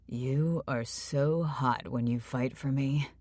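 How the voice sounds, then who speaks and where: A woman doing a slow, deep-voiced flirty rich guy. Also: fairly even intonation, a little mellow, no room sound, exaggerated voice.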